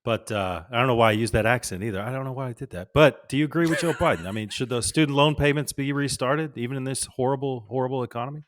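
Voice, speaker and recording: A man's voice: medium pitch, quick pace, few pauses. A man co-hosting a podcast, teasing and playful as he tells a story. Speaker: podcast co-host. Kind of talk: casual political chat.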